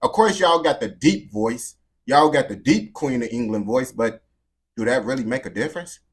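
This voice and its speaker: A man's voice: mid-range voice, expressive, moderate pace. A man giving casual, slangy, emphatic reaction commentary. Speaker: reaction video host.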